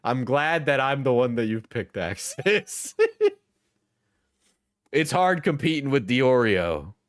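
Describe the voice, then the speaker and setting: A man hosting a live stream, reacting with rambling, halting commentary and frequent laughs. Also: mid-range voice, animated, dry recording, studio quality. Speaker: streamer host.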